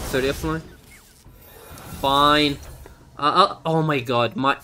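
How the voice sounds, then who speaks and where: A man's voice: mid-range voice, slow, pauses often, sharp tone, soft background music. A young man giving live commentary on his own game run, exasperated and swearing, with frequent outbursts. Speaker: gamer streaming a speedrun.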